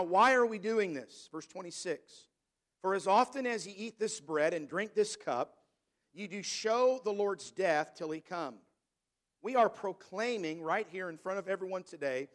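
A man preaching a sermon as pastor, reading scripture slowly and stressing key words. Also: high voice, a bit bright. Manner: preaching, reads scripture in King James wording, slows for emphasis.

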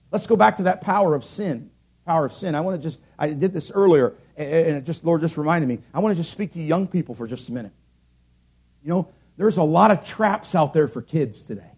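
A middle-aged man preaching a sermon in a church, earnest, rising to loud emphatic peaks and then dropping low. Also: slightly rough. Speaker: pastor.

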